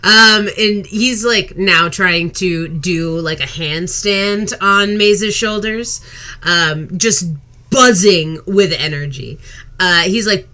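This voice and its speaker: A woman's voice: on the low side, takes it slowly, bright, forceful tone. A woman narrating a tabletop game as game master, casual and giggly. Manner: giggly, casual, many fillers.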